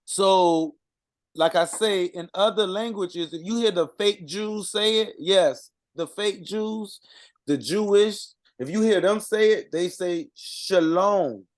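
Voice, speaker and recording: Slow, halting man, fairly high voice. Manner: halting, sounds out words, many fillers. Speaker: co-presenter reading out vocabulary. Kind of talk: informal language lesson.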